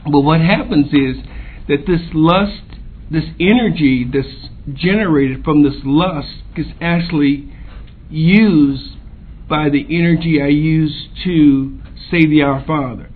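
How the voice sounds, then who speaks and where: A man sharing his recovery story at a convention, halting with pauses and fillers. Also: on the high side. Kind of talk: personal recovery share. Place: convention meeting room. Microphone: podium microphone. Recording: tinny lo-fi tape with faint hiss.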